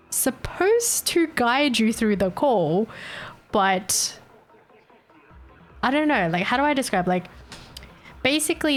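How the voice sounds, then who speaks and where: A young woman streaming live, chatting casually with viewers and venting animatedly, swearing freely. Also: medium pitch.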